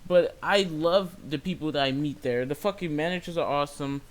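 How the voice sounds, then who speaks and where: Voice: medium pitch, brisk. A young adult retail worker telling a story in a casual, exasperated rant full of swearing. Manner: profane, exasperated, lively.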